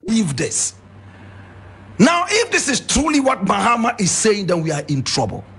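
Gravelly high-voiced man, scornful. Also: huge pitch swings, moderate pace, fairly bright tone. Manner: scornful rhetorical questions. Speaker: political commentator. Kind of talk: indignant political commentary.

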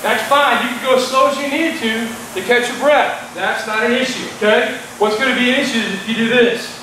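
Man, Texan accent, fitness instructor, high bright voice, distant, very echoey room. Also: steady tone, a little fast, slight background noise. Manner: plain, repetitive, checks in with "okay?". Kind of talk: instructional demonstration.

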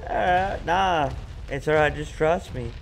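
A man playing a co-op game, excitable, swinging from muttering to yelling. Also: on the high side, unhurried, gravelly, slight background noise. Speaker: gamer. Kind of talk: casual co-op gaming chat.

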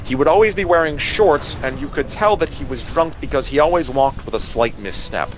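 A young man casually telling a work story to friends over voice chat, animated and acting out the people he quotes. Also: on the high side, a little fast, soft background music. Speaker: storyteller among gaming friends.

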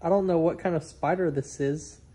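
A man vlogging outdoors on his farm, chatty and excitable as he coaxes his animals. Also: on the high side, normal speed, husky. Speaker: homestead vlogger. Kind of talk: casual vlog chat.

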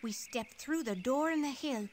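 A young boy recounts his fairy-world adventures in little rhyming verses. The voice is high and bounces through a wide range. It plays as a children's computer game role. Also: lively intonation, normal speed, slight background noise. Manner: storytelling in rhymed verse. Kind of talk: 1990s educational game voice acting.

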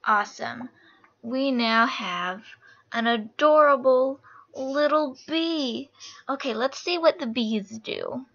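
A young woman host giving casual, excitable gameplay commentary, gushing and giggly. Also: high-pitched, takes it slowly. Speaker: gaming channel host. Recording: lo-fi screen-capture audio over game music.

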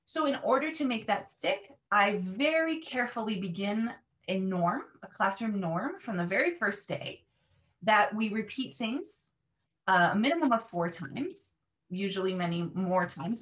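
A woman's voice: mid-range voice, animated, normal speed, fairly bright tone. A woman language teacher explaining her classroom method in an earnest, emphatic way. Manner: earnest, emphatic, models repeated words.

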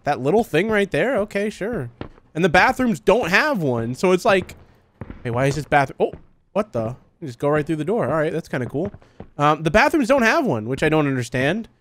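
A man's voice: on the high side, very animated, a little fast, a bit bright. A man giving chatty, joking let's play commentary, reacting aloud and reading in-game notes. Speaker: gaming channel host. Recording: faint noise and clicks behind the voice.

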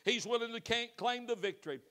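High-voiced impassioned preacher man. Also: a little fast. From United States. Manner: impassioned, swings between loud exhortation and soft pleading; asks the congregation direct questions. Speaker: pastor. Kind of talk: sermon. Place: church sanctuary.

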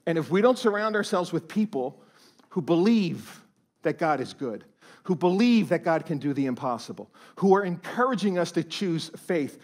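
High-voiced man preaching a lively sermon. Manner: animated preaching, swinging from hushed to loud. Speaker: pastor. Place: church auditorium.

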